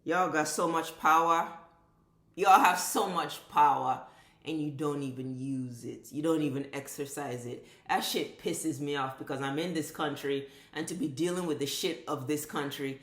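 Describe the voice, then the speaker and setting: Woman vlogger, bright forceful voice, profane emphatic rant, echoey room. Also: deep voice, normal speed. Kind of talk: impassioned commentary rant.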